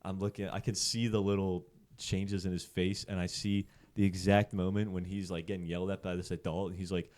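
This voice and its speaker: A man's voice: deep voice, little pitch movement, fairly quick, hardly any pauses, darkish tone. A man in his twenties from central Pennsylvania, a podcast guest telling a story in a loose, casual way with lots of swearing and filler words.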